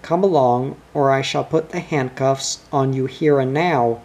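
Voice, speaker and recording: A stern, tall policeman from a storybook, giving firm orders. A reader voices him slowly and deliberately. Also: mid-range voice, a little mellow, natural voice. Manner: stern, commanding.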